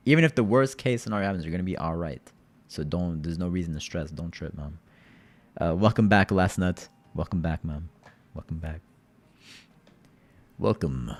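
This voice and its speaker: A man with a low-pitched voice streams live, chatting in a laid-back, rambling manner and frequently speaking straight to the chat.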